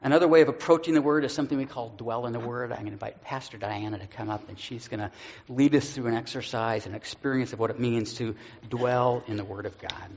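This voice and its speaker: An earnest male pastor tells a personal story from the pulpit, stumbling over his words now and then and laughing at himself. His voice sits at an ordinary pitch. The recording sounds dull and lo-fi. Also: fairly even intonation, fast talker, darkish tone. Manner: earnest, self-deprecating, with stammered restarts and laughs. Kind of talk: personal testimony in a sermon.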